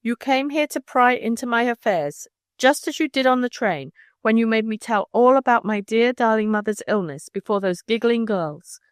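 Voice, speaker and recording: A woman voicing a sharp-tongued proud schoolgirl. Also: on the high side, lively intonation, normal speed, clean tone, no room sound, studio quality, lightly acted. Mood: angry. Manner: cold and cutting.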